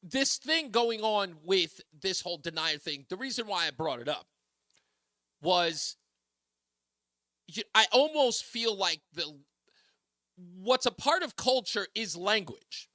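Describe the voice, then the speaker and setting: A man hosting a radio talk show, talking to listeners in an animated, mocking way and taking calls. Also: high-pitched, slow, long pauses, no room sound, clean studio sound. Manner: animated, mocking, puts on voices for quotes.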